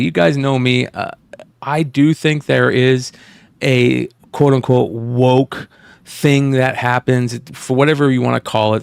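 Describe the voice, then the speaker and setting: A man's voice with a gravelly, fry-edged texture and a mid-range pitch, recorded dry and close. He hosts a casual podcast chat, talking bluntly and with plenty of profanity, sounding exasperated. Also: no room sound. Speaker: podcast host.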